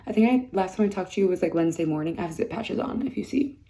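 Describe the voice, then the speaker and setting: A woman rambling casually in a vlog, her voice going hoarse, with many fillers and "like"s. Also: fairly low pitch, lively intonation, very fast, dark tone. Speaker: bride vlogging her wedding week. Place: mud room indoors.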